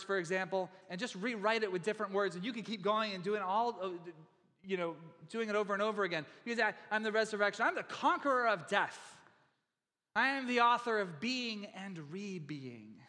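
Bright-voiced pastor in an echoing church. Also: male voice, high voice. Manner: conversational, with many fillers and restarts. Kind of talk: sermon. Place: church sanctuary. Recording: long hall reverb in a church.

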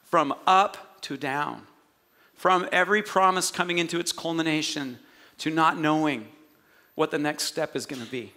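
A male pastor preaching a sermon, telling the story with animated energy and jokey asides. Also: fairly high pitch, moderate pace.

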